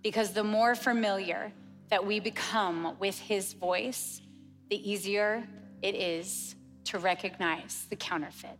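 A woman's voice: mid-range voice, steady tone, slow pace, fairly bright tone. Woman pastor preaching in a reverberant hall. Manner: earnest, emphatic preaching, repeating key phrases. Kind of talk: sermon. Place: church auditorium. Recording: long hall reverb with faint music.

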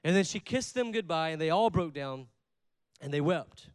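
A man preaching a sermon, leading the congregation in call-and-response and swinging between loud stresses and quiet asides. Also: a little high, animated, normal speed, clear, resonant tone, no room sound. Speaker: pastor.

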